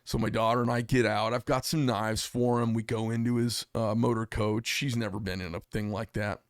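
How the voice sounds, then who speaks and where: A man's voice: lowish voice, a little fast, no room sound, clean studio sound. A middle-aged man hosting a casual chat, telling long stories, acting out the people he quotes and swearing freely. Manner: animated storyteller, acts out quotes, swears freely. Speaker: podcast host and knifemaker. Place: small workshop studio.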